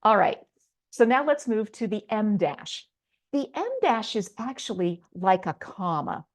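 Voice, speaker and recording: A woman's voice: medium pitch, animated, a little slow. A middle-aged woman teaching a writing lesson online, explaining step by step in a patient way with a few fillers. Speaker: writing instructor.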